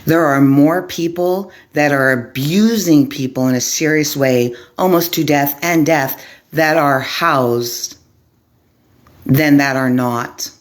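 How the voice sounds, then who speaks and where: A woman from Arizona giving an impassioned vlog monologue to camera, speaking slowly and deliberately in short, clipped lists. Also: sits low. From Arizona, USA. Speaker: vlogger, formerly homeless advocate.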